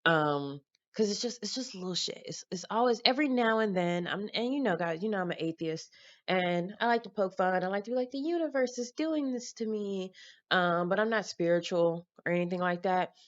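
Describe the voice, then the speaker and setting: A woman's voice: lowish voice, a little fast, lo-fi sound. A woman talking to her camera in a casual home vlog, rambling candidly with fillers, swearing and laughter. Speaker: vlogger. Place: home room lit by daylight. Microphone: camera mic.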